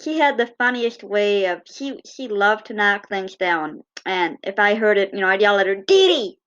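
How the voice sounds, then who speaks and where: A woman telling fond, gently humorous personal stories in a casual way. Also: mid-range voice, normal speed, clean tone, highs cut off. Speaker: cat owner.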